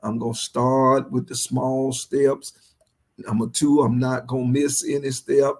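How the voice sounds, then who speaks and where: A male pastor with a Southern US accent preaches to an online audience. His voice is dark and gravelly, with a husky edge. He repeats his phrases and builds to fervent peaks. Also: medium pitch, little pitch movement, measured pace. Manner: preachy, repetitive, rising to fervent energy. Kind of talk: livestreamed sermon.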